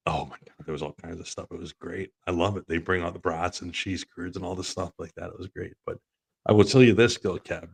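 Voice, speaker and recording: Deep-voiced guy with a gravelly fry, rambling through a funny story on a sports chat show. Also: fairly even intonation, fairly quick. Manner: rambling, laughs through his own stories. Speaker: sports talk show co-host.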